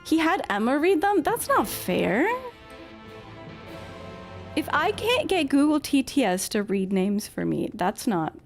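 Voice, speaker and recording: A woman streamer chats casually with her viewers while she plays, joking at her own expense and laughing often. Her voice sits fairly high and swings widely in pitch. Faint game music plays in the background. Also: sing-song, measured pace, creaky, pauses often. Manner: chatty, self-deprecating, laughs often. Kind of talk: casual gameplay commentary.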